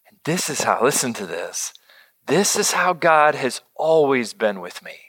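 A man preaching a sermon, earnest, swinging from emphatic lines to soft, hushed ones. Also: mid-range voice, big pitch swings, unhurried, slightly rough. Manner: earnest, shifts between loud emphasis and soft near-whisper. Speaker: pastor.

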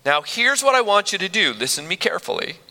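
A preacher voicing God, calm and firm. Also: male voice, sits high, fast, big-room sound, exaggerated voice. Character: calm, patient God speaking from above.

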